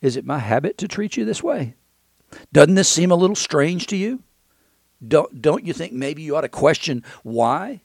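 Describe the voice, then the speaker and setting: A man's voice: on the high side, very animated, moderate pace, vocal fry, a little mellow, no room sound, studio quality, pitched above the performer's own voice, heavily acted. A man voicing a talking female donkey who asks her master reasonable, pleading questions during a Bible reading.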